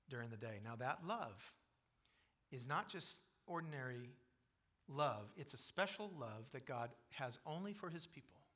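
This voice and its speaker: A man preaching a sermon as pastor, reading scripture and building to loud, emphatic passages. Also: medium pitch. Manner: quotes scripture aloud.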